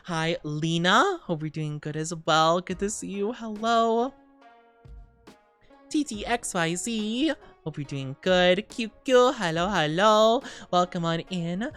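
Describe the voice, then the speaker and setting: A young woman streamer talking casually while sick and dizzy, giggly, rambling and self-conscious. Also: mid-range voice. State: sick, dizzy, under the weather. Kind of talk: casual chat.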